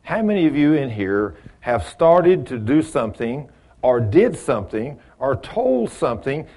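A man's voice: a little high, a little mellow. A man teaching a Bible study in a folksy, conversational way, asking the group questions and acting out little exchanges. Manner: folksy, asks the group questions, acts out dialogue.

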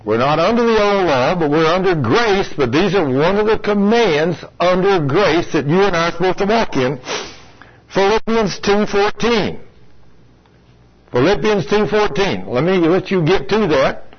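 A man delivers a sermon in a folksy, conversational manner, often turning to his listeners with questions. His voice sits a little high for a man. The sound is dull and lo-fi, like an old radio broadcast. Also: animated, normal speed, few pauses. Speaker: preacher.

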